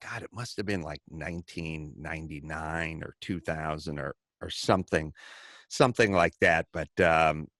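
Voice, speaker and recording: A middle-aged man hosting a talk show, telling stories in a casual, animated way, acting out the people he quotes and swearing freely. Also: extremely low pitch, moderate pace, no room sound, studio quality. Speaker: podcast host. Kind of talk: casual storytelling chat.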